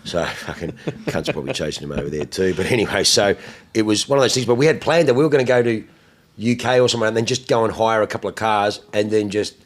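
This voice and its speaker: A man's voice: on the low side, fast. An Australian man hosting a podcast, chatting casually and rambling through profane stories with laughter. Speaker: podcast host. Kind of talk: casual chat.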